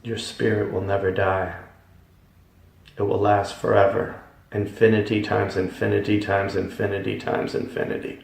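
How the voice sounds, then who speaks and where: A man's voice: fairly low pitch, flat delivery, normal speed, gravelly. A man giving a religious testimony, telling his story in an emphatic, repetitive, dramatic way. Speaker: testimony speaker. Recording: echoey room, voice from far off.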